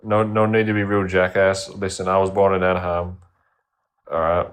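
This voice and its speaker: A man's voice: sits low, flat delivery, moderate pace, smooth. A male caller in call-in banter, stumbling and repeating himself through a put-on American accent. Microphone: phone line.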